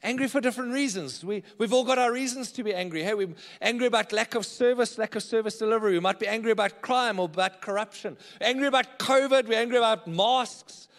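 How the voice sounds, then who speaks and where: A man's voice: high voice, fast, few pauses, big-room sound. A man preaching a sermon in church, conversational and often checking in with the congregation. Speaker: pastor.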